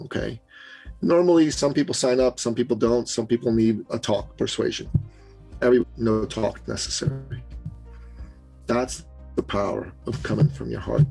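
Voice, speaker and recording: A middle-aged man from Canada with a gravelly, fry-edged voice at a medium pitch, telling a personal story as a podcast guest. He talks in an animated, emphatic way and acts out the quoted voices. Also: poor audio. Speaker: podcast guest, business coach. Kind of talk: storytelling in an interview.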